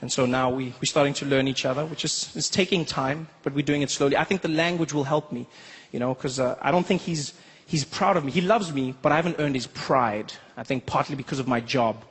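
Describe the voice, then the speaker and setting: A man from South Africa performing a lively stand-up comedy set, telling stories and slipping into voices. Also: mid-range voice, brisk, in a large hall. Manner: animated, storytelling, lots of voices.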